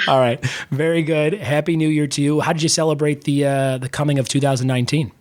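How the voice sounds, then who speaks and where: A man hosting a podcast, his voice hoarse, chatting casually and upbeat with lots of fillers. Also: fairly high pitch, fairly even intonation, quick pace, no echo. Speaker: podcast host. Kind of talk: casual chat.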